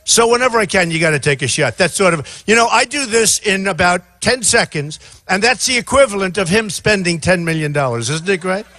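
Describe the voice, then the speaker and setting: A man in his sixties giving an off-the-cuff campaign rally speech outdoors, rambling and repetitive, often shouting to a crowd. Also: high voice, animated, brisk, no room sound, studio quality. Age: 60s. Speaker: presidential candidate.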